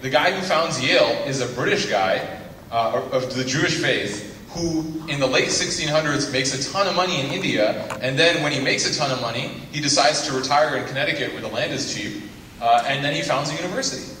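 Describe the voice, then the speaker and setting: A young man with a medium-pitched, bright and forceful voice talks a little fast as a guest lecturer, peppering his talk to students with jokes and teasing asides. The recording is distant and echoey, from a lecture hall with faint noise.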